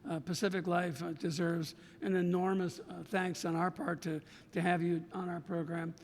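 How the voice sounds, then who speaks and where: An American man hosting a podcast interview, effusive and halting, often restarting his sentences. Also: little pitch movement, darkish tone. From United States. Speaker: podcast host. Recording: reverberant room with faint rumble.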